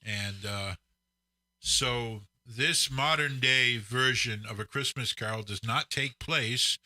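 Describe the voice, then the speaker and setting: A middle-aged man co-hosting a casual chat, recalling the past in a measured, reflective way. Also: medium pitch, pushed and bright, dry recording. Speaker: co-host.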